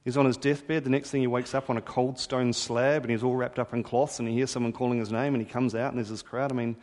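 A man's voice: mid-range voice, little pitch movement, quick pace, darkish tone. Preacher man in a reverberant hall. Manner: conversational, wry storytelling. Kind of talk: sermon.

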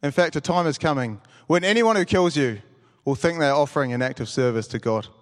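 A man reads scripture aloud in a measured, solemn way, his voice sitting a little high for a man. The room carries a long reverb, like a church hall. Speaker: scripture reader.

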